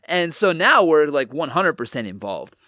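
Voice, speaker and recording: A man telling a story in casual chat, animated, swearing often and acting out what people said. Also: fairly high pitch, moderate pace, dry recording, clean studio sound. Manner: animated, swears a lot, acts out quotes. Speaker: podcast co-host.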